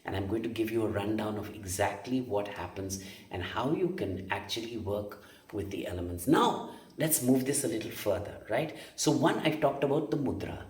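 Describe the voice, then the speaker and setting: A man gives a spoken lesson on energy healing and meditation, emphatic and repetitive, often posing rhetorical questions. His voice is lowish and darkish at a moderate pace, recorded with roomy sound from afar.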